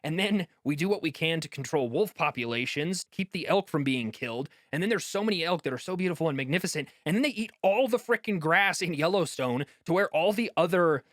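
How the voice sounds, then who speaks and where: Man, slightly high voice, impassioned video-essay rant, mocking asides, dry close mic. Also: lively intonation, fairly quick, few pauses, no echo. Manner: heated, exasperated ranting with mocking quoted voices. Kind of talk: impassioned commentary.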